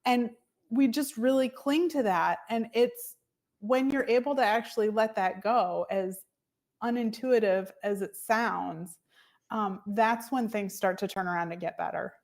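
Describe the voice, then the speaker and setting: A woman with a somewhat high voice talks easily as a podcast guest. She is a fertility coach and tells her story in a chatty, animated way, slipping into other people's voices when she quotes them. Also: a little slow. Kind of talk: casual interview conversation.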